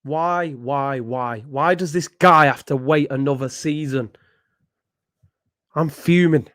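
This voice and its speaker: A man's voice: a little high, slow pace, a bit bright, no room sound, studio quality. A young man ranting in exasperation as a football channel host, repeating himself in disbelief. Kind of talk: ranting vlog commentary.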